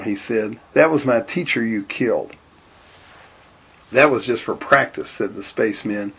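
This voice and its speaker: Gravelly man reading a children's story. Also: mid-range voice, moderate pace. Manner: lifts voice for quoted lines, drops for narration.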